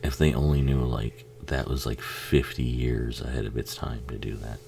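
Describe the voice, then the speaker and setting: Super low gravelly dude rambling thru a movie commentary, cussing and laughing a lot. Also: male voice, fairly even intonation, moderate pace, a little mellow, slight background noise. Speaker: film commentary host. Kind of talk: casual watch-along commentary.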